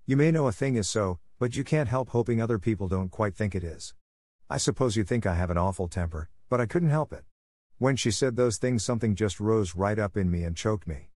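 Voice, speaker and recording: A man's voice: lowish voice, expressive, a little fast, darkish tone, no room sound, studio quality. A man voicing a defiant, tearful redheaded young girl in a storybook reading, passionate and stubborn. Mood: defiant pleading.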